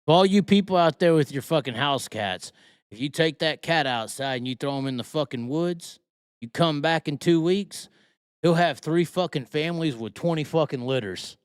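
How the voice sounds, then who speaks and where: A man's voice: fairly high pitch, moderate pace, clean tone, no room sound, clean studio sound. A man hosting a live talk show, ranting heatedly with constant swearing and rhetorical questions. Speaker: host. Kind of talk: profane live-stream rant.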